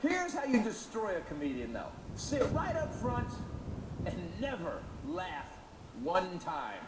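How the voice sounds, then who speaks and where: Loud brash stand-up guy, voice swinging all over, echoey room w/ noise. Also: high voice, unhurried. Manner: brash, animated, yelling at times. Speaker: stand-up comedian. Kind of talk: stand-up routine.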